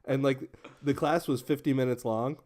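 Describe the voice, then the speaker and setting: Young dude cohosting a podcast, swears a lot, laughs at his own stories, mid pitch. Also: steady tone, normal speed, darkish tone. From Michigan. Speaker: podcast co-host. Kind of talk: casual podcast chat.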